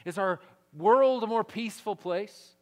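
A man's voice: high-pitched, unhurried. A pastor in his thirties or forties preaching a sermon to a gathering, building his points through emphatic repetition. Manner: emphatic, repetitive build-ups with rising force. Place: large church gathering hall.

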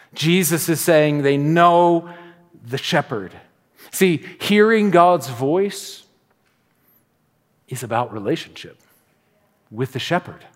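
A middle-aged man preaching a sermon as pastor, telling stories and acting out little asides in an animated way. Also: on the high side. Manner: animated storytelling with acted-out asides. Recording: long reverb of a large hall.

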